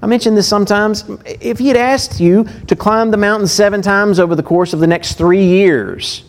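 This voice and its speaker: A man preaching a sermon. He reads scripture aloud with lively emphasis and breaks off into chatty asides to his listeners. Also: high voice, normal speed.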